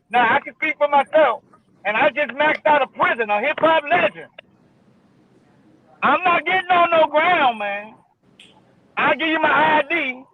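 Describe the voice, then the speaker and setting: Fiery man with a high voice. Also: fairly bright tone, slight background noise, low-quality recording. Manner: fiery, challenging, preacher-like questions. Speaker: guest, DJ. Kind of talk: heated panel discussion.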